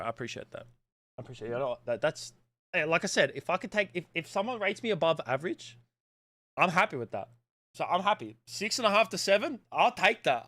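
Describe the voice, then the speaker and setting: Young male streamer, casual and crude, slightly high, tense and bright. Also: no echo. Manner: blunt and crude, swearing freely; rambling, with restarts and pitch swings. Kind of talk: casual chat.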